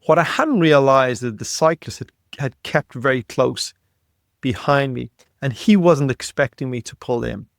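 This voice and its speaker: A man in his fifties, a podcast guest, telling a story in an animated way and often repeating words as he goes. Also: medium pitch, normal speed, creaky, no echo, studio quality. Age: 50s. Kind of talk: storytelling in conversation.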